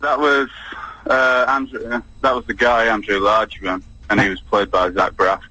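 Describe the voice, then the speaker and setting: Caller, lowish, bright edge, dry sound, deadpan. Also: male voice, normal speed, no room sound, poor audio. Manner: laconic, deadpan replies. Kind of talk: phone-in chat.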